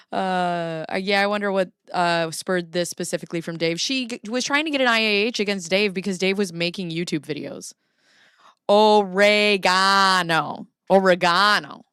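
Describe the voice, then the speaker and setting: This middle-aged livestream host has a fairly low voice with a clean, rather bright tone. Playful and quick to laugh, she chats with her audience and reads court filings out loud. The sound is dry and studio quality.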